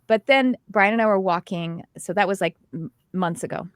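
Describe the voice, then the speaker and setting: A middle-aged woman hosting a casual chat, telling animated stories full of quoted dialogue. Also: medium pitch, moderate pace, clean tone, no echo. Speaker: host, intuitive development teacher.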